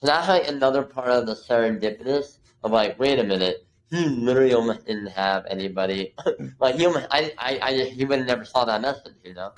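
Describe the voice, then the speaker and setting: A man's voice: medium pitch, a little fast, low-quality recording. A man in his thirties speaks as a guest on a casual interview podcast. He talks in a medium voice, spinning a story with lots of "like" fillers and bits of acted-out dialogue. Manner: animated, acts out quotes, many fillers like "like". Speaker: guest, videographer.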